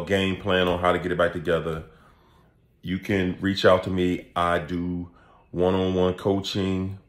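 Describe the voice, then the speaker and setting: Laughing man ranting slowly in an echoey room. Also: low voice. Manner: laughs often, animated, acts out quoted voices. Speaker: channel host and coach. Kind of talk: casual comedic vlog rant.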